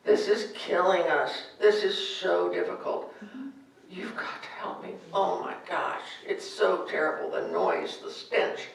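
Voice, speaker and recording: Woman voicing a desperate complaining disciple, pleading and loud, distant roomy sound. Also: fairly low pitch, big pitch swings, a little slow, vocal fry, pitched below the performer's own voice, heavily acted. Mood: distressed. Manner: pleading, louder than the narrator. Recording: echoey hall from far off.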